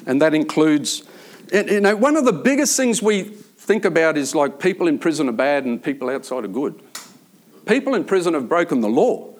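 A man's voice: fairly high pitch, big pitch swings, normal speed. A man speaking as a prison chaplain in an informal faith talk, telling stories earnestly and rambling with many fillers.

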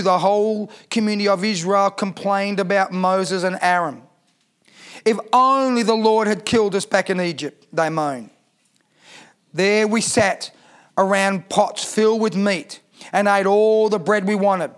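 A man's voice: high-pitched, measured pace, clean tone. A man preaching a sermon as pastor, reading scripture aloud and asking the congregation rhetorical questions.

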